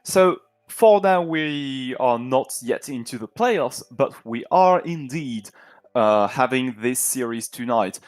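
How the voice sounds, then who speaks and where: A man's voice: medium pitch, expressive, slow, dry recording. A man with a French accent co-casting an esports match, talking through the playoff picture and often correcting himself. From France. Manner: talkative, analytical, self-correcting. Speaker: esports co-caster.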